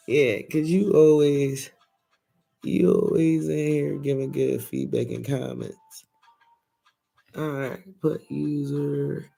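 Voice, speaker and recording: Philly guy with a gravelly voice doing a chatty tarot livestream, reads cards out and talks to the chat. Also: a little high, dark tone. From Philadelphia. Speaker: tarot reader. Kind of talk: casual live-stream tarot reading.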